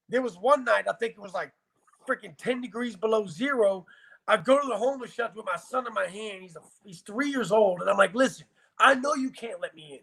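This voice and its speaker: A man's voice: high-pitched, vocal fry, a bit bright, husky. A man from Virginia bluntly recounting hard times in a casual, profane, emotional interview. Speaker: guest telling his life story.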